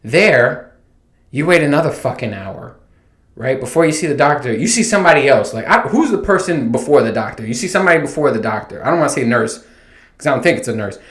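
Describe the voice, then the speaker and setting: Fast and a bit bright, this medium-pitched male voice has lively intonation as the podcast host rants casually about something that exasperated him, turning it into a comic story full of swearing. A roomy echo fills the recording.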